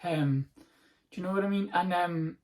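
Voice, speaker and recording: A Scottish man hosting a podcast, telling a comic story in a sweary, animated, rambling way. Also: high-pitched, a little slow. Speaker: podcast host. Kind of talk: comedic storytelling monologue.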